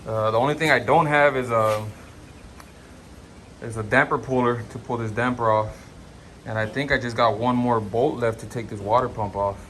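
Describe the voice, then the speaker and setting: A man's voice: medium pitch, steady tone, moderate pace, fairly bright tone, slight background noise. A man hosting a casual car build vlog, talking in a laid-back, rambling way through his garage work. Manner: laid-back, rambling, repeats "gonna go ahead".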